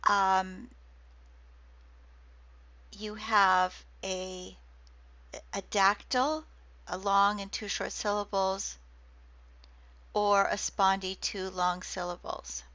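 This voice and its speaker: Woman lecturer, slow measured delivery, dull lo-fi recording. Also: medium pitch, steady tone, sharp tone, dry recording. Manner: slow, deliberate, reads quoted verse slowly.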